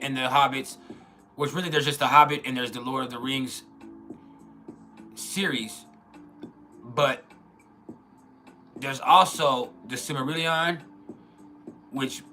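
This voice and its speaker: A man's voice: mid-range voice, sharp tone. A man hosting a casual livestream, rambling, often restarting his sentences and reading out chat comments. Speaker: livestream host.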